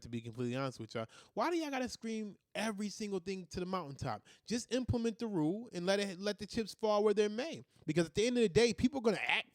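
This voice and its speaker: Host, male, high-pitched, fiery profane rant, dry close sound. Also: dry recording. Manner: heated, ranting, profane. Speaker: commentary host. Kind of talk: opinion monologue.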